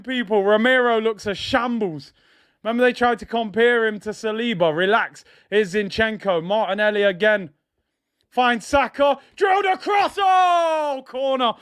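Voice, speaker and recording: Excitable high-voiced football watch-along host. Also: male voice, clean tone. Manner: excitable, shouts at big moments, taunts opponents.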